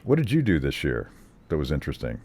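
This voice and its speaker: A man with an extremely deep, low voice hosts a relaxed podcast conversation. He needles his guests with wry, teasing questions. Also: quick pace, no echo. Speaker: podcast host. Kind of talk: casual chat.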